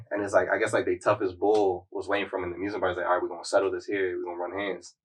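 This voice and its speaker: A man with a lowish voice tells a story on a podcast, loose and slangy, leaning hard on "like" as he rambles along. He sits a little back from the mic, so his voice sounds somewhat distant. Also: flat delivery, rapid-fire, slightly rough. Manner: rambling slang-heavy retelling, packed with "like". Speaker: podcast host. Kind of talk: casual storytelling chat.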